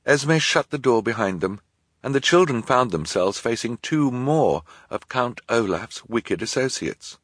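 A man narrating an audiobook in a dry, measured storytelling manner. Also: mid-range voice, animated, a bit bright, husky, no echo.

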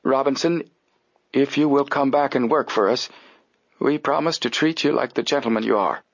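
A man voicing a stately, wealthy older gentleman making formal announcements in an audiobook. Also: medium pitch, normal speed, no echo, lo-fi sound, pitched above the performer's own voice, close to an everyday voice. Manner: formal, declaring.

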